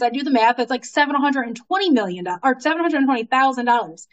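A woman telling a long story in casual conversation, animated, laughing often and using lots of fillers. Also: high-pitched, fast, few pauses, dull audio. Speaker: guest.

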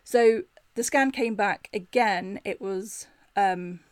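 A middle-aged woman, hosting a personal storytelling podcast in a chatty, animated way, full of "like" fillers. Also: medium pitch, takes it slowly, no room sound. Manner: animated retelling with laughs. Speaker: podcast host.

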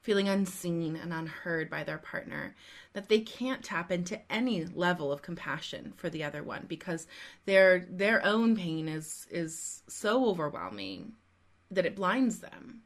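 A woman's voice: fairly low pitch, expressive, unhurried. A middle-aged woman hosting a parenting podcast, a couples therapist speaking in a reflective, emphatic way. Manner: reflective, emphatic, building on the guest's points. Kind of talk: podcast interview.

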